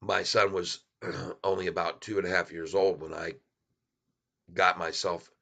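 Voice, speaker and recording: A man hosts his channel from home in a folksy, rambling and heartfelt way. His voice sits on the low side yet sounds bright and forceful. He talks straight to his viewers like old friends. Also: level tone, measured pace, gravelly. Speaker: channel host. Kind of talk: casual chat to viewers. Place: home in Michigan.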